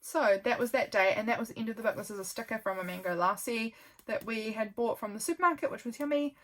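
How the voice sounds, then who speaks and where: A woman's voice: on the high side, fast. A young woman, chatting casually and rambling with lots of ums while flipping through her journal. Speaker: journaling vlogger.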